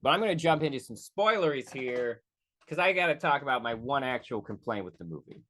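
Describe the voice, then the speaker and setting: A man talks through a movie review on his own podcast in a loose, rambling way, stopping to correct himself and tossing in the odd swear. He slips into quick mocking voices and then drops back to his plain, mid-pitched speaking voice. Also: animated, bright, forceful tone. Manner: profane asides. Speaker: podcast host. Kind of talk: casual solo movie review.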